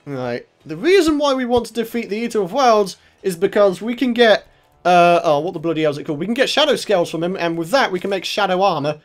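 Excitable man narrating gameplay. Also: sits high, fast talker, soft background music. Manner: excitable, shouts when in trouble, laughs often. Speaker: gaming channel host. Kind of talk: let's play commentary.

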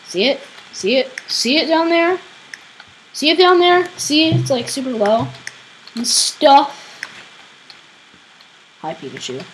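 High-voiced woman gamer, gets super excited and yells at other players, slight background noise. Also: a little slow, long pauses, low-quality recording. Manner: excitable, squealing and shouting at opponents. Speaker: gaming channel host. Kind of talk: casual let's play commentary.

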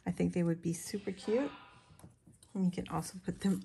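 A woman crafting vlogger talking casually to her viewers as she shows her handmade pieces, chatty and quick to laugh. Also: on the low side, gravelly, warm tone, slight background noise. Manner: chatty, laughs often, talks to viewers while showing her work.

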